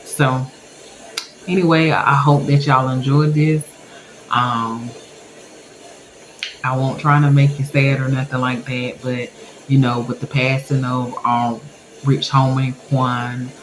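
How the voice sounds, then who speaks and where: A woman vlogger telling her viewers a personal story in a candid, emotional way, laughing through sad memories. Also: very deep voice. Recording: echoey room with background noise.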